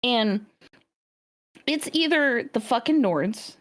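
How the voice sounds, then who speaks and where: A woman from the United States telling stories in a profane, animated, casual chat. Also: fairly high pitch, slow pace. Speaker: host.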